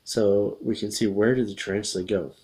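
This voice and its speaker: A man teaching English grammar, reading a picture book aloud slowly and breaking off to explain and correct himself. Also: fairly low pitch, steady tone, darkish tone. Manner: reads slowly with self-corrections and asides. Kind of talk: casual read-aloud lesson.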